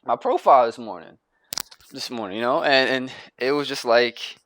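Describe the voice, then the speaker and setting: A man's voice: medium pitch, normal speed, a bit bright, a little hiss or hum. A young American man ranting to camera in a rambling, repetitive way, swearing and restarting his sentences. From United States. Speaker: vlogger. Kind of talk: grumpy rant to camera.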